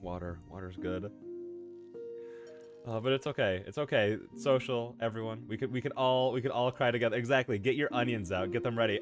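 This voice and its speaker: A man's voice: medium pitch, fairly quick. A man streaming casually, chatting with his viewers as he reads a story, laughing often and repeating himself. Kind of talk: casual livestream chat. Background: music playing.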